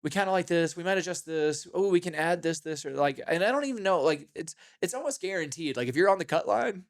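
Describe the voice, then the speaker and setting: Animated man griping on a gym podcast. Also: a little high, fast talker, dry recording, studio quality. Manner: animated, swearing, rambling with many "like"s. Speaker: podcast co-host. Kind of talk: casual chat.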